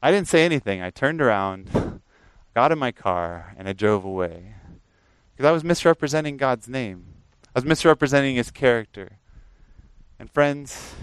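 A man preaching a sermon earnestly, rising to emphatic peaks and dropping to a quiet, prayerful tone. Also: medium pitch, animated, moderate pace, smooth, dry recording, low-quality recording.

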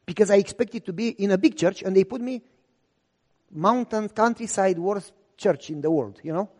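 Male pastor with a high, bouncing delivery, preaching from a reverberant hall. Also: normal speed. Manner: animated, deadpan humor. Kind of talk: storytelling sermon.

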